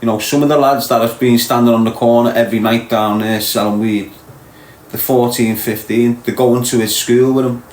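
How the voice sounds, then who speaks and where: A man's voice: medium pitch, fairly even intonation, moderate pace, a little mellow, reverberant, rough recording. A man from Liverpool with a Scouse accent, hosting a live stream and lecturing his viewers bluntly. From Liverpool, England. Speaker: podcast host.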